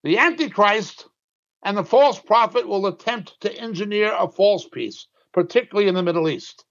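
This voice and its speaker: A man preaching a sermon as a Bible teacher, emphatic and insistent, his pitch dropping sharply when he drives a point home. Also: lively intonation, moderate pace, a bit bright, highs cut off.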